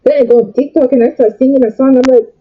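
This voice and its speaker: Young woman vlogger, breathy, agitated storytime rant, dull lo-fi audio. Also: high-pitched, fairly even intonation, fast. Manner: agitated, jumping between loud outbursts and quieter asides.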